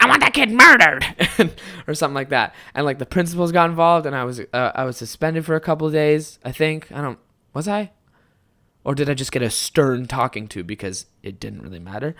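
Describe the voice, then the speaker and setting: A young man in his twenties hosting a podcast, telling stories in a rambling, casual way, swearing often and bursting into loud animated moments. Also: mid-range voice. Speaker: podcast host. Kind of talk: casual solo podcast storytelling.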